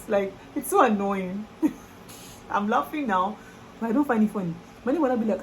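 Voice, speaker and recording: Young Nigerian woman vlogger, animated and expressive, light background noise. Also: mid-range voice, moderate pace, low-quality recording. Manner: lively, exclamatory, laughing. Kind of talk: casual chat to camera.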